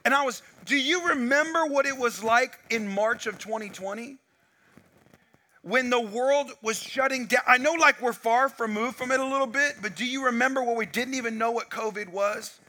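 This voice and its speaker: A man's voice: very high voice, moderate pace. A man preaching a sermon, telling a story with lots of acted-out dialogue, on a wireless mic. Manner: animated storytelling, acts out dialogue. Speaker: pastor.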